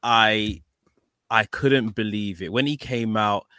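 A man hosting a podcast in casual chat, emotional and gushing, repeating words when excited. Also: on the low side, slow, clean tone, dry recording, clean studio sound. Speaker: podcast host.

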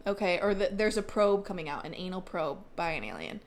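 Young female podcast co-host, casual and rambling, lively pitch. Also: fairly quick, slight background noise. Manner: giggly, rambling, lots of "like". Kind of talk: casual chat.

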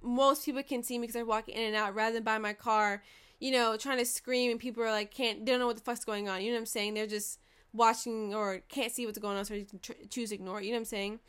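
A young woman vlogging, telling a story fast and profanely, acting out quoted dialogue, into a desk microphone. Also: a little high, fairly even intonation, fairly bright tone, smooth. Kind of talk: casual storytelling monologue.

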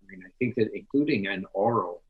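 A man who is a podcast guest and literature scholar, telling stories in an animated, knowledgeable way. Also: lowish voice, brisk, narrow, tinny audio. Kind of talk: conversational interview.

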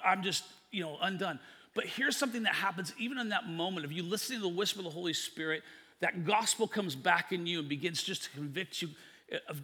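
A man's voice: high voice, bright, forceful tone, big-room sound. A man preaching a sermon, telling a story with acted-out dialogue and laughter.

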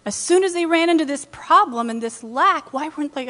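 A woman pastor giving a conversational sermon, retelling scripture with lively asides in a church. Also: high-pitched, a little fast, big-room sound.

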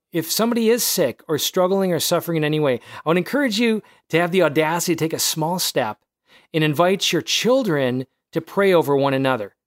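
A man's voice: fairly high pitch, no room sound, studio quality. A man hosting a podcast, talking earnestly and encouragingly in long winding sentences. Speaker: podcast host. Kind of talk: casual faith discussion.

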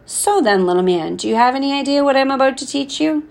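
A weary young Turkish hotel keeper, kindly and teasing in his easy way, as a woman reads him aloud. The voice carries a gravelly, creaky edge, and the delivery is relaxed and conversational, like a storybook read at home. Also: high-pitched, fast talker, pitched above the performer's own voice.

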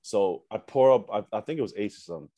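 Young man, from Canada, slang-heavy relaxed chat, low voice, dry recording. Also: quick pace, no room sound. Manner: laid-back slangy talk with many fillers and profanity. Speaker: musician guest. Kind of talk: casual storytelling chat.

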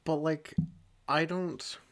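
A young woman in relaxed casual chat, laughing a lot. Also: deep voice, slow pace. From Saskatchewan, Canada.

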